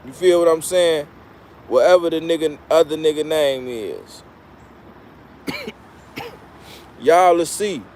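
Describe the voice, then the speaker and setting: A man riffing loosely on a live stream with blunt, profane street talk. He stumbles and restarts as he goes. His voice sits a little high for a man, with a faint hum behind it. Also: animated, takes it slowly, pauses often, darkish tone. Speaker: commentary channel host. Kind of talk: casual commentary on a live stream.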